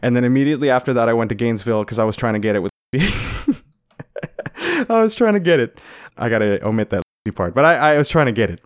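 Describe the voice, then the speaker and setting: A young adult man from Florida telling a comic story, animated and profane, laughing often. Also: medium pitch, fast. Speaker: comedian. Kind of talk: comedic storytelling.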